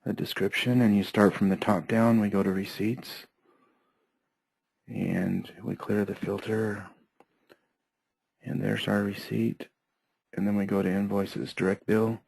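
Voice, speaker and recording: A man teaching accounting software step by step, his voice hoarse and often interrupted by throat clearing. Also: lowish voice, measured pace, long pauses, dry recording, poor audio. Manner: steady, methodical step-by-step explaining. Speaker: software trainer. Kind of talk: screen-share software tutorial.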